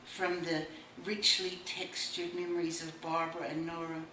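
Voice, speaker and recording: A woman's voice: on the low side, level tone, moderate pace, pushed and bright, recorded from a distance. A woman giving a wry speech at a book launch and reading a poem aloud. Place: bookshop room. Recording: echoey room recorded from afar, faint noise.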